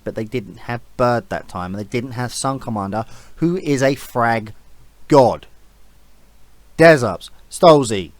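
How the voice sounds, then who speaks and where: A man's voice: medium pitch, dry recording. A man giving a casual, rambling opinion rant as an esports vlogger, blunt and swearing freely.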